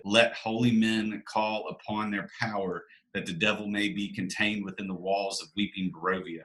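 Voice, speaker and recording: A man's voice: on the low side, pushed and bright, poor audio. A man voicing a grieving town official's formal, solemn letter. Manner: solemn, archaic formal diction.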